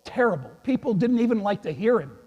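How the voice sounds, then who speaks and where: A man, a priest, giving a gentle children's sermon in a church, telling a story and chuckling with the kids. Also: high-pitched, big pitch swings, a little fast, husky, muffled recording. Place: large church. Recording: echoey church hall.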